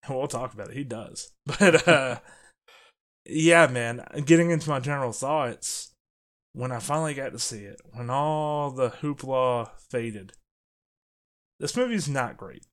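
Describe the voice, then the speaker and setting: A man co-hosting a podcast, talking casually and jokily about a film, getting animated and trailing off into restarts. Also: mid-range voice, a little slow. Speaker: podcast co-host. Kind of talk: casual movie review chat.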